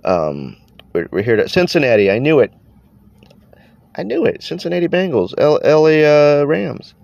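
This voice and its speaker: A man's voice: fairly high pitch, very animated, normal speed, gravelly, a little mellow, no room sound, muffled recording. A man hosting a casual podcast, talking with a stuffy nose from allergies, tired, rambling and swearing as he trails off. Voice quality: congested, nasal. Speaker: podcast host.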